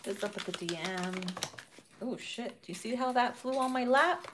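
A woman's voice: fairly high pitch, normal speed, noisy background. A woman giving a casual tarot reading who swears freely, laughs often and acts out quotes. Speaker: tarot reader.

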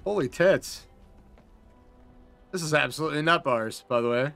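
A man hosting a casual live-stream of a game, excitable, swearing often and laughing a lot. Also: a little high, normal speed, gravelly, soft background music. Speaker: streamer host.

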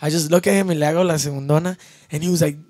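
A young man tells a story on a podcast, loose and full of swearing, switching between Spanish and English. His voice sits a little high for a man. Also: steady tone, rapid-fire, darkish tone. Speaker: podcast guest, band member. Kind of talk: casual storytelling.

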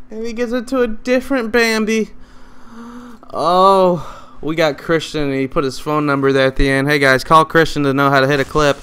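A young man giving excitable gameplay commentary, trash-talking teammates and swinging between loud outbursts and mutters. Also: a little high, brisk, clean tone. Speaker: gaming YouTuber.

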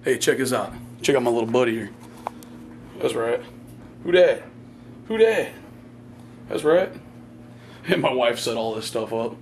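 A man's voice: medium pitch, slight background noise. A goofy, playful middle-aged man chatting casually in a home vlog, sometimes talking with his mouth full, from his computer room at home. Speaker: vlogger.

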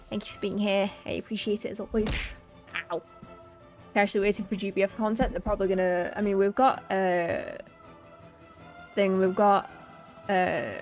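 A woman streamer chatting casually while she draws, rambling along and swearing now and then. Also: medium pitch.

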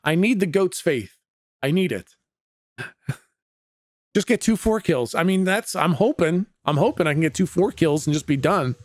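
A man's voice: a little high, expressive, moderate pace, pauses often, no room sound, clean studio sound. A Canadian man casually chatting with his viewers while streaming a game, laid-back and chatty, with frequent laughs and some swearing.

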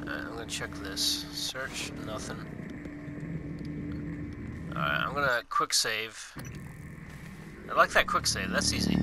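A man's voice: fairly low pitch, big pitch swings, takes it slowly, vocal fry, long pauses. A young man casually commenting while he plays a video game, swearing often and joking to himself. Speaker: gaming channel host. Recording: game music playing behind.

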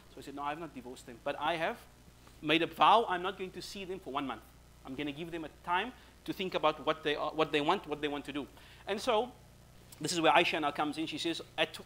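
Guy giving a mosque lecture, talks fast and a bit high, acts out the stories. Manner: lively storyteller acting out quoted speech. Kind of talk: Ramadan lecture, storytelling.

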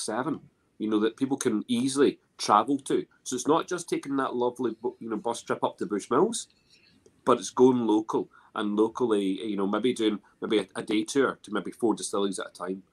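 Scottish guy on a video call, lowish voice, keeps restarting his sentences. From Scotland. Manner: rambling, many restarts and fillers. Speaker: guest. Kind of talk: casual chat.

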